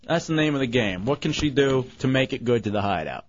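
On a radio morning show, a man with a medium-pitched, expressive voice talks a little quickly, trading jokes with his crew and callers. He laughs easily and reads out the phone number in playful, casual banter. It's captured on a studio microphone, and the broadcast sounds dull and lo-fi.

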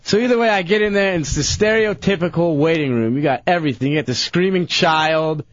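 A man's voice: fairly high pitch, a little fast, dry recording, dull audio. A young man, a regular on a radio talk show, telling a rambling story and slipping into voices. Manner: rambling, animated, doing voices. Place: radio studio.

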